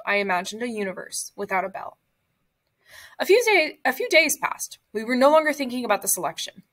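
A woman reading a memoir aloud in a measured, somber way. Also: mid-range voice, fairly bright tone. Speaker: reader.

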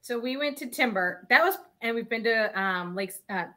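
A woman's voice: on the high side, animated, normal speed, bright, forceful tone. A pregnant woman guest in a casual podcast chat, telling stories in an easygoing way. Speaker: guest, bowler.

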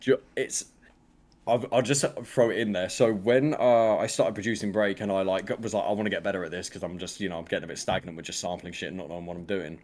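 A man's voice: low-pitched, fairly even intonation, fast, darkish tone. A British man chatting casually as an interview guest, swearing freely and acting out quoted lines. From Britain. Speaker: musician guest.

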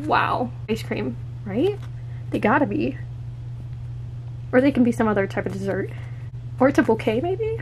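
A high-voiced young woman talks through a sticker unboxing in a casual, gushing way. She is excitable and drifts into soft whispers now and then. Faint noise sits behind her voice. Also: moderate pace, pauses often, low-quality recording. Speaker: planner vlogger.

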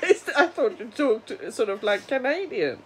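A woman's voice: fairly high pitch, very animated, unhurried, background noise. A woman in casual chat asking questions to keep a funny story going, giggling often. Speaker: listener prompting the story.

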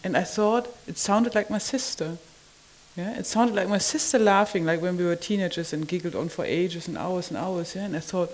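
A woman recalling a personal experience in conversation, halting and marvelling, often ending phrases with a questioning "yeah?". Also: lowish voice, darkish tone, poor audio. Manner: wondering, marvelling delivery. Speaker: community member sharing an experience.

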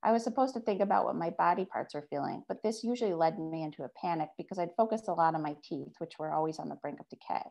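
Woman reading with a gravelly fry. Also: low-pitched, dark tone. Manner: measured first-person reading. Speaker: author. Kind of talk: reading her fiction aloud.

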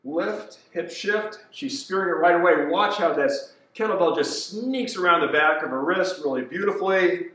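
A man's voice: sits high, pushed and bright. Echoey, distant male fitness trainer. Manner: cueing movements step by step, slow and deliberate. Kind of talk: instructional exercise demonstration. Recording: echoey room, voice from far off.

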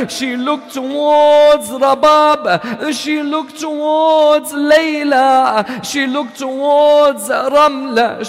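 A middle-aged man preaches a mourning sermon in a very high, strained voice, drawing each phrase out slowly. His words ring with a long reverb through a large hall, with faint music underneath. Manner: slow, impassioned, lamenting delivery. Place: large hall at a religious gathering.

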